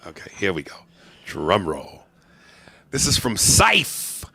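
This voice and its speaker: A man hosting a comedy podcast, talking in a profane, animated way and breaking into impressions. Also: low voice, takes it slowly, slightly rough, dry recording. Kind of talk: casual comedy podcast chat.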